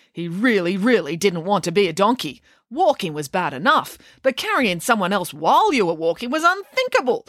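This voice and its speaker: A woman reading a children's storybook aloud, with expressive, animated narration. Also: low-pitched, no room sound, clean studio sound.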